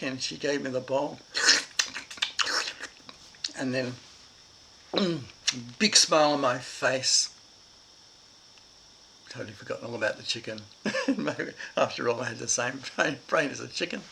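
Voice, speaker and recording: A man's voice: mid-range voice, vocal fry, bright, forceful tone, slight background noise, low-quality recording. An older man with an Irish Australian accent telling a childhood story in a rambling, reflective way. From Ireland and Australia. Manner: rambling and reflective, with many fillers.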